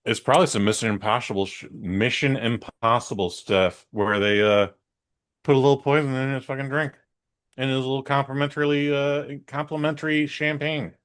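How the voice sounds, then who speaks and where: A man co-hosting a comedy podcast, bantering in a relaxed, teasing way. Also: medium pitch, moderate pace, no room sound, clean studio sound. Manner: laid-back, teasing banter. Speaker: podcast co-host. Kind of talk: casual comedic podcast chat.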